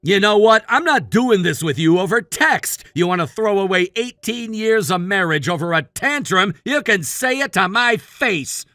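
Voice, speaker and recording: Exasperated middle-aged husband, man voicing, scolding, very high and sharp voice. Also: animated, moderate pace, few pauses, no room sound, clean studio sound, soft background music, heavily acted. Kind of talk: text-message story voice acting.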